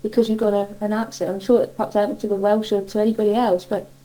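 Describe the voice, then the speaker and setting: A woman's voice: medium pitch, level tone, quick pace, mellow, poor audio. A middle-aged woman from Cornwall with a Cornish accent, chatting in an interview and reminiscing in a rambling way with frequent self-corrections. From Cornwall, England.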